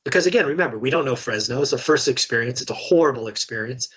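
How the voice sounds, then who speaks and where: A man's voice: mid-range voice, animated, fast talker, a bit bright, breathy edge. A middle-aged man, a real estate investor telling his story candidly in a casual podcast interview. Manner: candid, conversational, many restarts.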